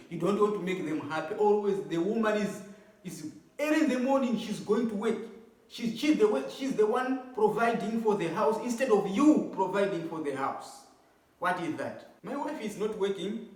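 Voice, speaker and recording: A man's voice: high-pitched, far from the mic. A middle-aged man giving casual advice as a vlogger, preachy and repeating himself for emphasis. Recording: echoey room, voice away from mic.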